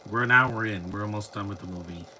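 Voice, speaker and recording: A man's voice: fairly low pitch, fast talker, sharp tone, a little hiss or hum. A man giving casual, rambling live commentary while watching a movie. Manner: rambling, chatty, frequent restarts.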